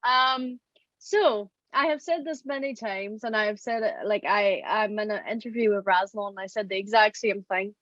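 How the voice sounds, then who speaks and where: An Irish woman, a voice actor, telling stories in an animated, rambling way in casual podcast chat. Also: medium pitch, moderate pace, no room sound, dull audio. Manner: chatty and animated, rambling storytelling. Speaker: audio drama voice actor.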